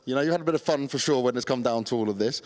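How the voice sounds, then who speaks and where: Fast-talking male esports interviewer. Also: medium pitch, darkish tone, slight background noise. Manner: teasing, upbeat questions. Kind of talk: on-stage player interviews.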